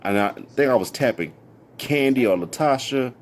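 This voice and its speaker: A man casually telling a story from his past, animated and full of repeated "I'm like" asides. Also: medium pitch, moderate pace, slight background noise.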